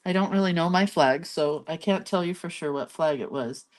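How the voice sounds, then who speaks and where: A woman's voice: deep voice, moderate pace, a little mellow. A woman hosting a craft channel, telling a rambling story in casual chat and laughing between lines. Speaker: lettering and doodling channel host.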